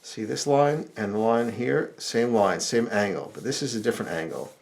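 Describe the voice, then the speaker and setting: A middle-aged man teaching drawing step by step, talking in a relaxed, explanatory way as he sketches. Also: fairly low pitch, normal speed, creaky. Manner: relaxed explanatory, thinking aloud while sketching. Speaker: drawing instructor.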